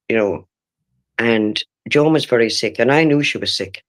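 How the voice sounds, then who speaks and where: A woman in her sixties with an Irish accent, giving halting, emotional personal testimony in an interview and often breaking off and restarting. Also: rumbling low. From Ireland. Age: 60s.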